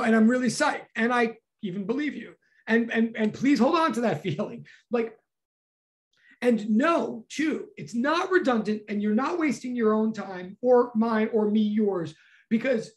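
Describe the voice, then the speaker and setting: Excitable physics teacher lecturing loudly. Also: medium pitch. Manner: excitable, emphatic, says "like" a lot, loud bursts. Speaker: physics professor. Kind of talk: energetic classroom lecture.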